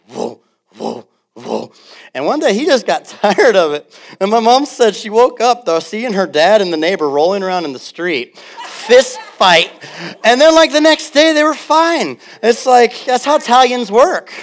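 A man's voice: high voice, normal speed. A man preaching a sermon as pastor, telling stories with laughter and acting out quotes. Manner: animated storytelling with laughs and acted-out quotes.

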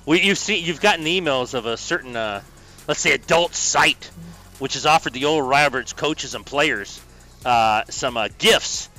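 A man's voice: fairly high pitch, normal speed, soft background music, low-quality recording. A man co-hosting a sports talk show, telling stories and acting out the people in them. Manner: animated storyteller, acts out quotes. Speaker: sports radio co-host and columnist.

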